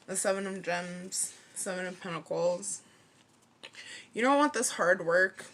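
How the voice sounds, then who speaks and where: This tarot card reader, a woman in her thirties, has a fairly low and slightly bright voice. She chats casually through a reading to camera, laughing a lot, using playful slang, and filling gaps with "like."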